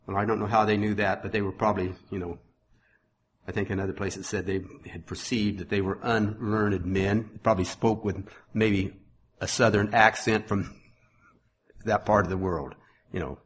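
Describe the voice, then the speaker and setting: Male preacher, middle-aged, low-ish voice, homespun asides, swells on the readings. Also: fairly even intonation, moderate pace, slight background noise. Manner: folksy asides between scripture readings, rising loud when reading. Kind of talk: sermon.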